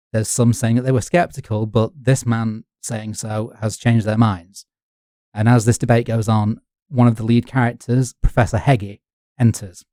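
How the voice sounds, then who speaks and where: Wry man, mellow voice. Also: medium pitch, dry recording. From north of England. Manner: wry, dry humour with frequent laughs. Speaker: podcast co-host. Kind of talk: casual history podcast chat.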